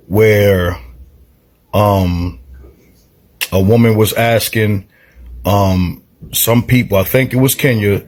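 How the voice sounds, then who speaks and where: A man giving reflective vlog commentary, measured and reasoning, with pauses and fillers. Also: lowish voice, darkish tone.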